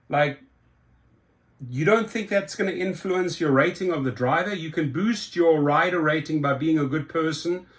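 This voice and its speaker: A man's voice: a little high, fairly bright tone. A man hosting a rideshare talk show, reading a news article aloud and reacting to it with indignant, sarcastic commentary, often repeating and restarting words. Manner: indignant, exasperated, with sarcastic asides.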